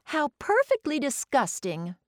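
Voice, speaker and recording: A woman voicing a prim, easily frightened young girl with a shrill, high child voice. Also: wildly swooping pitch, a little slow, no room sound, studio quality, exaggerated voice. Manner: shrieking in alarm, prim and superior.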